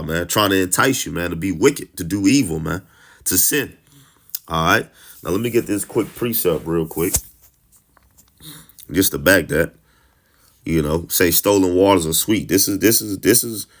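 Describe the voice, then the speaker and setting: A man's voice: deep voice, vocal fry. A man giving informal Bible teaching, blunt and heated, stammering through restarts and tagging nearly every phrase with 'man'. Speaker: scripture teacher.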